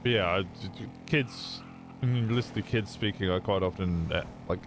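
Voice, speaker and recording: Give me a low-pitched young man chatting casually on a stream, swearing freely, with a noisy background. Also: moderate pace. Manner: loose and chatty, swears often, stumbles and restarts. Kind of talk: casual chat to a live stream chat.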